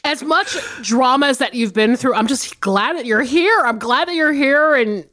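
A woman co-hosting a podcast, joking and swearing in an animated way, laughing often. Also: high voice, a little slow. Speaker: podcast co-host. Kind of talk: casual chat.

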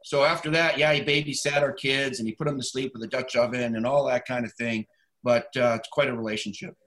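A man's voice: mid-range voice, fairly even intonation, brisk, fairly bright tone. A man in his sixties, a former football coach, telling a story in a casual podcast chat and acting out both sides of a phone call.

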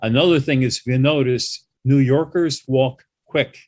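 A man's voice: mid-range voice, moderate pace, no room sound. New man telling road stories. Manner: animated anecdotes with quoted dialogue. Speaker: guest, New York travel expert. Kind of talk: casual storytelling chat.

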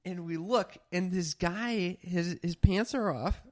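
A podcast co-host telling a story in casual chat, animated and full of restarts and "like". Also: mid-range voice, slow, slight background noise.

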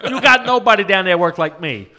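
A man's voice: high voice, expressive, a little fast, pitched above the performer's own voice, full character voice. Man doing a brash tough-guy job caller. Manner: loud, boastful, pushy.

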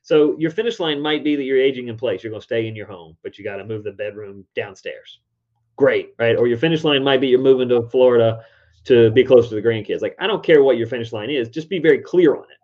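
A man in his forties, a decluttering expert, chatting as a guest in an interview and telling stories with lively quoted voices. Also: mid-range voice, quick pace. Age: 40s. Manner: animated storyteller, acts out quotes in raised voice. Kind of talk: casual interview chat. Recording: dull lo-fi audio.

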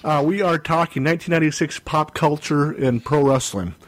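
A man's voice: fairly high pitch, brisk, a little hiss or hum. A man hosting a wrestling podcast in an easygoing, eager way. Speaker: podcast host. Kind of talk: casual podcast chat.

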